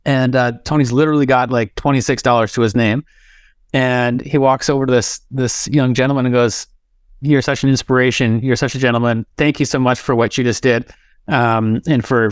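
A man hosting a podcast, retelling an anecdote in a relaxed, casual way with many fillers. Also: medium pitch, normal speed, no room sound, clean studio sound. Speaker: podcast host. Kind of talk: casual storytelling.

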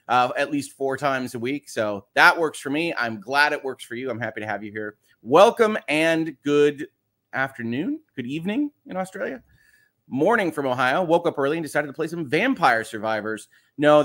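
A man's voice: medium pitch, a bit bright. A middle-aged man hosting a casual live stream, chatting and joking while reading out viewer greetings. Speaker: host. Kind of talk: casual livestream chat.

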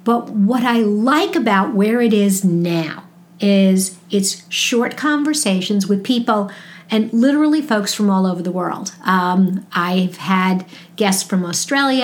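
A woman from New York with a Brooklyn accent speaks in an unhurried, medium-pitched voice. She is a marketing educator appearing as a podcast guest, telling stories in an upbeat, chatty way during a casual interview.

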